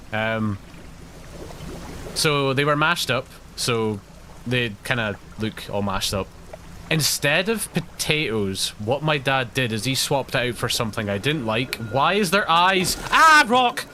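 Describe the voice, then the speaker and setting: A man's voice: medium pitch, pushed and bright, a little hiss or hum. A Scottish man streaming a game live, telling rambling, chatty stories with frequent laughs. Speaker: gaming streamer. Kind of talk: live let's-play commentary.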